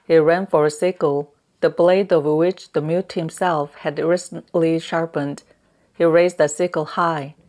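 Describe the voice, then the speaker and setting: Slow, low-voiced woman reading a story. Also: darkish tone. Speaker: audiobook narrator. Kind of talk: scripted narration.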